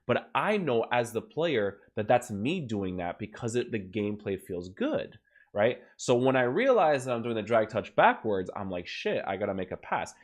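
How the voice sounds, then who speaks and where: A man's voice: mid-range voice, very animated, normal speed. A young man doing casual commentary over his own gameplay, emphatic, keeps checking in with "right?". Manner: casual, swears now and then. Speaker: gaming YouTuber.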